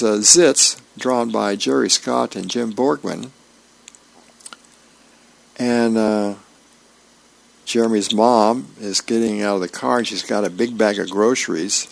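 Man reading comic strips aloud, low gravelly voice, slow unhurried pace. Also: no echo. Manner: unhurried, plain storytelling with light character voices.

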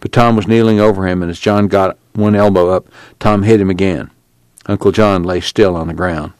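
A man reading a novel aloud as an audiobook narrator, slow and measured. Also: deep voice, steady tone, a little mellow, no echo. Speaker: audiobook reader. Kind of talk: scripted narration with character voices.

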